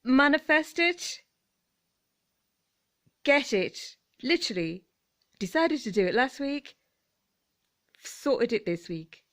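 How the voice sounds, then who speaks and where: A woman's voice: sits high, sing-song, slow, long pauses, a bit bright. Giggly, rambling British woman vlogger. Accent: British English. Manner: chatty, giggly, rambling, trails off mid-thought. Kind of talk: casual chat.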